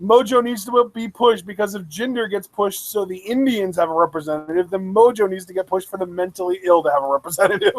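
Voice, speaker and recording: A man co-hosting a live wrestling reaction chat, excitable, rambling and laughing often. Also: sits high, fast, few pauses, poor audio. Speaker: co-host of a wrestling reaction show.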